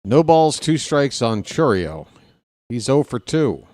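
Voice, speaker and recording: A man's voice: mid-range voice, big pitch swings, takes it slowly, a little mellow, no echo, studio quality. Casual self-deprecating play-by-play man. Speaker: play-by-play streamer host. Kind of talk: baseball play-by-play commentary.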